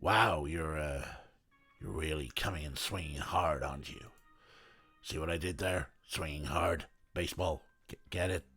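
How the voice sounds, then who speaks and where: A man voicing a gruff, weary middle-aged male detective with a rough, low voice and deadpan wisecracks. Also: measured pace, soft background music, heavily acted.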